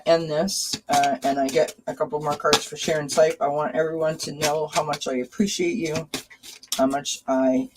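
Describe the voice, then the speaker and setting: Woman host of a live tarot chat, warm, chatty, greets viewers by name. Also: low voice, background noise. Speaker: tarot reader and channel host. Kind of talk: casual live-stream chat.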